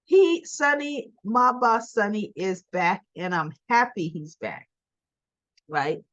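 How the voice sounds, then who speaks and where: A woman recapping a soap opera episode in a casual, animated, colloquial manner. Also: medium pitch, slow pace. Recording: dull dry sound.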